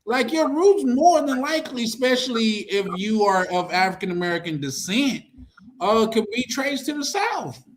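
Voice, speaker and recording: A man's voice: extremely high pitch, expressive, normal speed, a little hiss or hum. A man hosting a casual group chat, playful and teasing, often laughing. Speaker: host.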